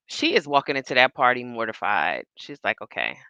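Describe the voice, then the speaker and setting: A woman at home giving animated, casual live reaction commentary, exclaiming and laughing easily as she goes. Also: extremely low pitch, normal speed, clean tone, no room sound, dull audio. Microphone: recording without headphones.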